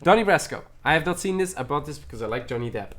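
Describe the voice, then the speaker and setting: A man's voice: a little high, expressive, very fast, fairly bright tone. A man streaming from home in a casual, chatty way, enthusiastically praising things and often repeating himself. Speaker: streamer showing his movie collection.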